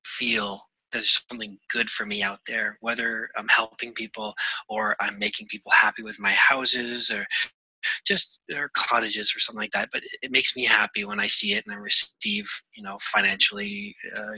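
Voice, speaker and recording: A man, a guest on a radio show, talking in an earnest, rambling way with many pauses and fillers. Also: on the low side, pushed and bright, breathy edge, no echo, low-quality recording. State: getting emotional. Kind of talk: casual interview chat.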